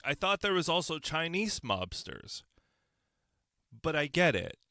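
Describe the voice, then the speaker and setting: A man's voice: a little high, big pitch swings, a little slow, pushed and bright, no room sound, clean studio sound. A man hosting his own opinion podcast, talking on his own into a microphone, sarcastic and firing off rhetorical questions. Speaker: podcast host. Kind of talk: solo opinion podcast monologue.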